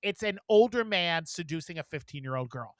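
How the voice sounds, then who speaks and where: A man co-hosting a podcast, chatting casually in a blunt, profane, animated way. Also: on the high side, fairly quick, no room sound. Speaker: podcast co-host. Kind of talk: casual chat.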